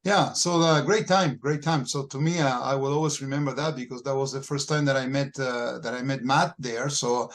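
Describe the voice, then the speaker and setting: Halting man co-hosting a podcast. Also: medium pitch, fairly even intonation. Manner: halting, many fillers and restarts. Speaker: podcast co-host. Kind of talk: casual podcast chat.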